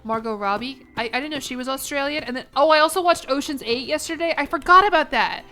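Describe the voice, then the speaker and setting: A young American woman streams a game, her high voice fast, pushed and bright, and a little congested. She chats casually and rambles, restarting her sentences often.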